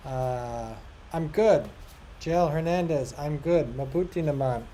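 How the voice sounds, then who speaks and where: A man's voice: fairly high pitch, unhurried, mellow, slight background noise, low-quality recording. A man hosting a livestream, casually chatting and reading out viewer comments, self-deprecating and laughing often. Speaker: livestream host.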